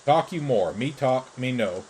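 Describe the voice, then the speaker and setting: A shrewd male creature who trades gossip for food talks in short, broken phrases, as a man reads him out. The voice sits at a middle pitch. Light background noise runs underneath. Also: animated, a little slow, a little mellow, lightly acted, low-quality recording. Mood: matter-of-fact. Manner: broken, clipped pidgin speech.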